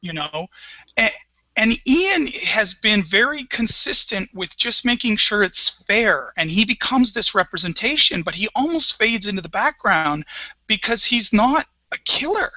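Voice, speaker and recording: A man's voice: sits high, a little slow, dry recording, rough recording. A man on a TV discussion panel, talking enthusiastically about a series and often restarting his sentences. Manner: enthusiastic, animated, repeats words when starting. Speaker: podcast panelist.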